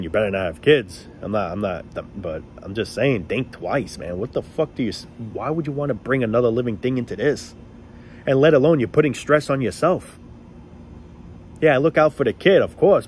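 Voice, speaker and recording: A man's voice: medium pitch, brisk, darkish tone, slight background noise. A man ranting casually to the camera in a blunt, profane, sarcastic way.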